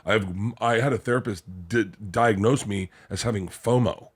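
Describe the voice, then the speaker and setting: A man hosting a podcast, telling animated stories with plenty of swearing and acted-out quotes. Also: on the low side, normal speed, slightly rough. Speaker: podcast host. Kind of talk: casual podcast chat.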